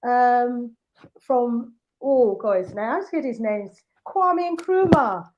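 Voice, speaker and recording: Female host, higher voice, very slow and encouraging delivery. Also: expressive, lo-fi sound. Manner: encouraging, with many short affirmations. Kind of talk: casual interview chat.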